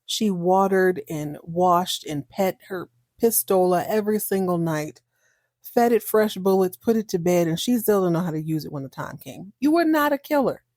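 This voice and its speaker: A woman's voice: on the low side, normal speed, darkish tone, dry recording, clean studio sound. A woman hosting a podcast, recapping a TV soap in a chatty, sarcastic, joking way. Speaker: podcast host. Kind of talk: casual TV recap.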